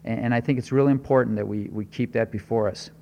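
A man preaching a sermon as pastor, earnest and measured, with emphatic rises. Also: medium pitch, fairly even intonation, creaky, warm tone, big-room sound, slight background noise.

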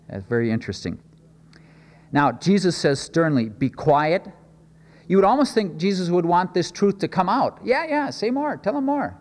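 A man's voice: on the high side, a little mellow, big-room sound. A man preaching a conversational sermon, asking rhetorical questions and often restarting his phrases. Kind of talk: expository sermon.

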